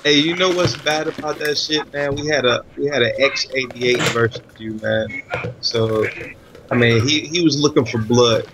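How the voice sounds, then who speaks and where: A man's voice: medium pitch, normal speed, noisy background. A laid-back man trash-talking friends on a gaming podcast. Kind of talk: casual gaming chat.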